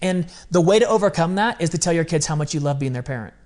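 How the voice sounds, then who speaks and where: A man's voice: a little high, expressive, fast talker, a little mellow. A man speaking as a podcast guest in a candid interview, telling stories in an earnest, open, confessional way and often quoting what he once said. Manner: quotes his own past words in dialogue.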